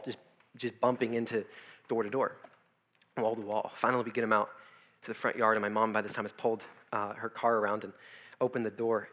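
A young man working as a youth pastor, telling a personal testimony in his office and acting out the voices of the people in his story. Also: fairly low pitch. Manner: animated storytelling, acts out quoted voices.

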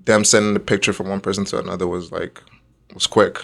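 A man's voice: sits low, level tone, fast talker, vocal fry, fairly bright tone. A young man from Nigeria, the guest, telling a story in casual chat and laughing often along the way.

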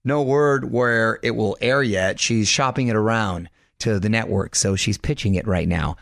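A man in his forties hosting a radio show with brisk, chatty patter on a studio mic. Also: on the low side, vocal fry, no echo. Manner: brisk, chatty, quick to laugh.

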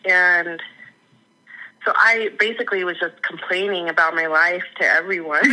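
A woman's voice: lowish voice, animated, measured pace, bright, forceful tone, low-quality recording. A woman who is a guest on the podcast, talking candidly and laughing often in a casual interview. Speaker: podcast guest, former coaching client.

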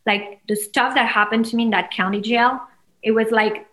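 Woman in her 30s, from France, interview guest, animated storytelling, mid-pitched voice. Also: normal speed, low-quality recording. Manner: animated, acts out quoted voices with sudden loud peaks. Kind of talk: emotional personal storytelling.

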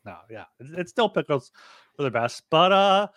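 Chatty co-host, lively pitch swings, dry close sound. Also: male voice, moderate pace, dry recording. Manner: chatty, joking, lively promo delivery. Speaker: podcast co-host. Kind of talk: casual podcast chat and ad reads.

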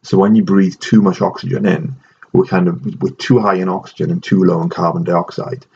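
A man with a very low, gravelly voice talks through ideas in a casual podcast chat, often restarting his sentences. The audio is dull and carries a faint hiss. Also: flat delivery, brisk, darkish tone. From Ireland. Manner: chatty, restarts often, explaining. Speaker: host.

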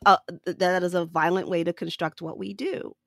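A woman stand-up comedian, a guest on a podcast, telling stories in an animated way and laughing often. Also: lowish voice, a little fast, vocal fry, dry recording, studio quality. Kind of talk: conversational podcast interview.

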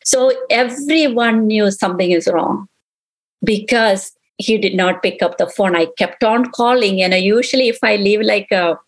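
A middle-aged woman in an interview, recounting a painful memory in halting speech that repeats itself and acts out past conversations. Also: mid-range voice, poor audio. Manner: halting, repeats herself, relives quoted dialogue. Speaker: interviewee, mother of victim.

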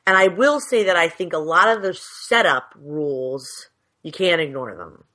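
A woman's voice: on the low side, animated, normal speed, sharp tone. A woman co-hosting a podcast, talking in a chatty, rambling and frank way over a video call. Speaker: podcast co-host. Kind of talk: casual chat. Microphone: headset on a video call.

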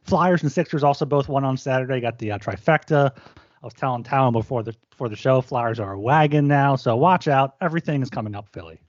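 Fast-talking upbeat podcast guy. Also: mid-range voice, no echo, muffled recording. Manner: quick, upbeat, local sports fan. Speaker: podcast co-host. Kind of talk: casual sports podcast chat.

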